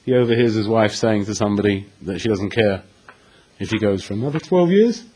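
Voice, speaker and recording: A man giving a storytelling Torah lecture, animated and acting out the dialogue with dramatic pauses. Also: lowish voice, husky, low-quality recording. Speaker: Torah teacher.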